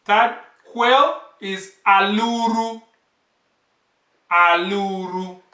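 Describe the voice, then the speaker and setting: A man teaching bird names, saying each word slowly and repeating it several times. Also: high-pitched, bright, forceful tone. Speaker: language teacher. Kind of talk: slow vocabulary lesson, repeating each word. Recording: echoey room, off-mic.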